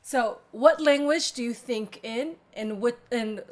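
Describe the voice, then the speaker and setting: A woman's voice: fairly high pitch, unhurried. A woman co-hosting a casual interview, asking playful questions and laughing along. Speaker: co-host, interviewer.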